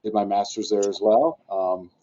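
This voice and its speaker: A man's voice: on the low side, steady tone, normal speed, mellow. A man introducing himself on a video call in a rambling, self-deprecating way. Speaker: network engineering manager. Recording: muffled video-call audio.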